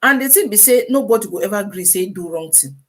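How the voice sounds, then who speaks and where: A woman with a Nigerian Pidgin English accent, hosting a casual live-stream advice talk, animated and full of rhetorical questions. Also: medium pitch, fast.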